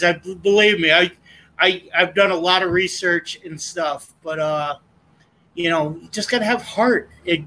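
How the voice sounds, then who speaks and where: A man's voice: high-pitched, pushed and bright, a little hiss or hum, low-quality recording. A middle-aged man, a guest sharing his testimony in an earnest, impassioned, rambling way. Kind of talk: casual conversation.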